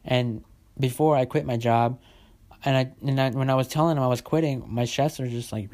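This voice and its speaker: A man's voice: medium pitch, steady tone, fairly quick, darkish tone. A man in his twenties telling a story in a casual vlog, rambling with lots of fillers and swearing freely. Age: 20s. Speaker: vlogger.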